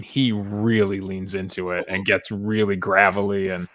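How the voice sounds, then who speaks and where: A man's voice: sits low, level tone, moderate pace, fairly bright tone, dry recording, clean studio sound. A man hosting an online show in casual chat, easygoing and guiding the talk. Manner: easygoing, runs the show with light laughs. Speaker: host.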